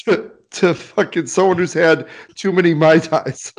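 A man's voice: fairly high pitch, a little slow. A man co-hosting a casual chat podcast, laughing often and restarting his sentences. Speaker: podcast co-host.

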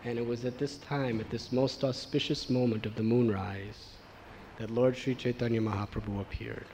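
A man giving a devotional storytelling sermon, animated and acting out the voices of the people in his tale. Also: medium pitch, moderate pace, slight background noise, low-quality recording. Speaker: spiritual teacher.

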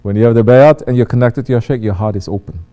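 A man giving a sermon as a religious teacher, acting out quoted voices and swinging between hushed and loud delivery. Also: mid-range voice, fast talker.

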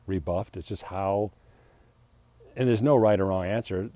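Man, solo podcaster. Very low, warm voice. Rambling, self-deprecating, quick to laugh at himself. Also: no echo. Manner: acts out heated retorts, laughs often. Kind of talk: rambling personal reflection.

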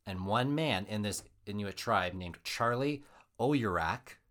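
Low-voiced man telling a story with wry jokes. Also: animated, slow, fairly bright tone. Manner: wry, joking asides. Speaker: podcast host, storyteller. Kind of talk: casual comedic storytelling.

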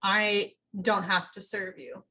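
A woman telling a story in casual chat, relaxed and matter-of-fact. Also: mid-range voice, slow, husky.

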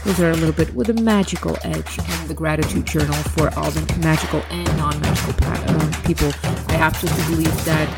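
A woman's voice: sits low, fairly even intonation, fast talker, few pauses, over loud music. A woman hosting a podcast in a blunt, chatty way, laughing often. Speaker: podcast host. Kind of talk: casual podcast chat.

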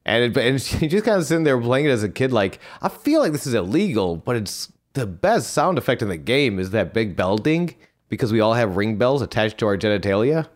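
A man's voice: mid-range voice, sing-song, a little fast. A man hosting a podcast in casual chat, recapping matches with laughs and rambling asides. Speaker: podcast host.

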